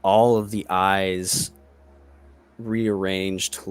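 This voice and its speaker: A man narrating a tabletop game as the game master, deliberate and slow. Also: lowish voice, fairly bright tone.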